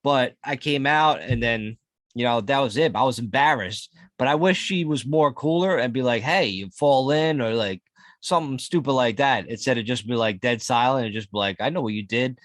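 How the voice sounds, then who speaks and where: A man's voice: mid-range voice, a bit bright, no echo. Laid-back New guy, podcast host. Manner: laid-back, profane, rambling. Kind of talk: casual podcast banter.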